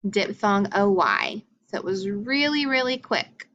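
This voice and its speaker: A woman teaching a phonics lesson for children, her voice sitting at a middle pitch. She drills letter names in a slow, deliberate way. The recording sounds dull and lo-fi. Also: creaky, fairly bright tone.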